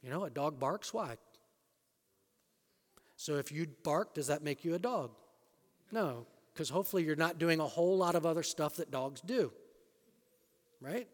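A man's voice: lively intonation, moderate pace, long pauses. Emphatic male preacher in a reverberant hall. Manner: emphatic, rising to loud peaks, then drops low. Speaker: pastor. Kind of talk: sermon. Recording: long reverb of a large hall.

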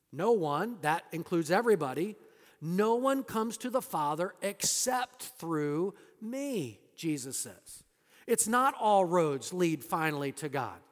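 A man with a high-set voice preaching a sermon, his words ringing out in a long hall reverb. He presses his points hard, then sinks to near-hushed tones. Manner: emphatic preaching that drops to soft, hushed lines. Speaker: pastor.

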